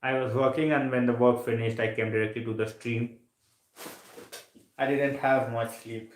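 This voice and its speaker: A man's voice: medium pitch, fairly even intonation, moderate pace, roomy sound, poor audio. A sleepy man hosting a late-night live stream, chatting casually, yawning, full of fillers and repeated phrases. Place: home room, late at night.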